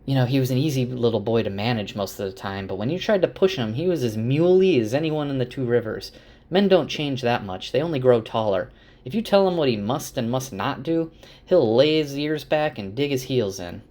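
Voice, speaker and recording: A man's voice: medium pitch, animated, fairly quick, a little mellow, pitched above the performer's own voice, lightly acted. A man voicing an older village innkeeper woman who chides and coaxes in a knowing way.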